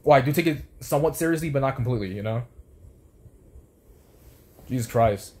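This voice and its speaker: A man's voice: mid-range voice, lively intonation, fairly quick, darkish tone. A young man ranting about an old job, heated and profane, tripping over restarts as he rambles on. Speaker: former fast food worker. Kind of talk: profane storytelling rant.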